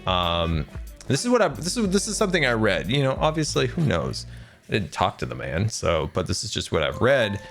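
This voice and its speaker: A rambling, chatty man streaming a game, his low voice swinging up and down in a lively way as he laughs along with viewers. Soft music plays underneath. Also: fairly quick, creaky. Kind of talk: casual live-stream chat while gaming.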